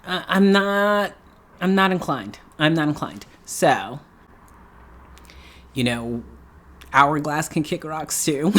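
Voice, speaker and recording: A woman's voice: sits low, lively intonation, a little slow, fairly bright tone. Chatty middle-aged woman from New York. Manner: chatty, laughing often, emphatic repeats. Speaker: beauty YouTuber. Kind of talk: casual vlog talk.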